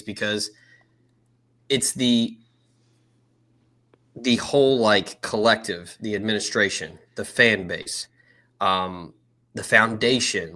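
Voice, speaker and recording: Bright-voiced man in casual sports talk. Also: on the low side, slow pace, long pauses. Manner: energetic, slangy, emphatic. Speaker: podcast co-host.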